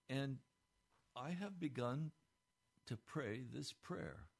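A male pastor delivering a radio sermon, building to emphatic peaks and then dropping low and quiet. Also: expressive, takes it slowly, vocal fry, long pauses, slightly rough.

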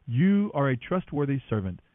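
A man's voice: mid-range voice, big pitch swings, moderate pace, no room sound, natural voice. A man reading as an approving, commanding king. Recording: dry, tinny phone-like sound.

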